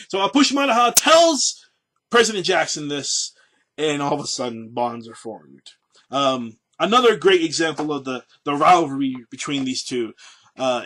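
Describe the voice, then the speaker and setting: A man's voice: medium pitch, a bit bright. A man presenting a daily history segment in a casual, conversational way. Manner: conversational, with many fillers and restarts. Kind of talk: casual spoken history talk.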